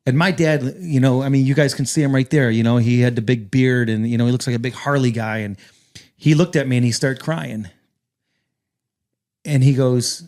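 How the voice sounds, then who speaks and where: A man's voice: medium pitch, moderate pace, darkish tone. A man hosting a casual roundtable conversation, speaking earnestly and often repeating words as he builds up to a point.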